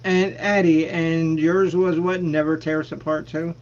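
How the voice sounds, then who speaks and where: A man's voice: on the high side, flat delivery, unhurried, crowd noise. A man hosting a casual music chat over a video call, talking in a playful, joking way. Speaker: host. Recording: dull sound with faint noise.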